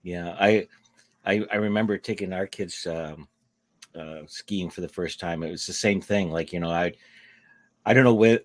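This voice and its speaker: A man's voice: fairly low pitch, no echo. A man from Canada with a Canadian accent, a podcast co-host joking in an easygoing chat. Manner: easygoing, jokey, many restarts. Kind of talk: casual chat.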